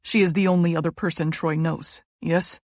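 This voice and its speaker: A woman reading a composed, deliberate man in a romance audiobook, speaking in careful, slightly formal sentences. The voice dips a little lower and stays close and dry. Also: fairly even intonation, no room sound. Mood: resolute. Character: calm, measured man, steady older-brother type.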